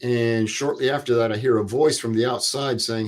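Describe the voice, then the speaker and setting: An older veteran speaks in an interview at an ordinary middle pitch. He tells his story in a plain, unhurried way, acting out what others said and stopping now and then to recall details. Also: fairly even intonation. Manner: plain vivid retelling with quoted dialogue and pauses. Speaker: veteran guest.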